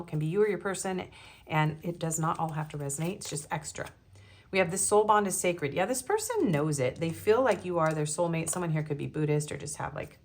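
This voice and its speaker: A young woman giving a casual tarot love reading, chatting and giggling between the card messages she reads aloud. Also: deep voice. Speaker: tarot reader.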